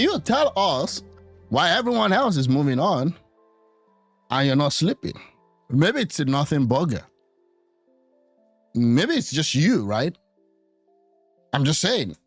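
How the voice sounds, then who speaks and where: A man's voice: a little high, sing-song, a little slow, long pauses, no room sound, faint music behind. A man hosting a reaction video, commenting on a clip in a teasing, incredulous way and laughing often.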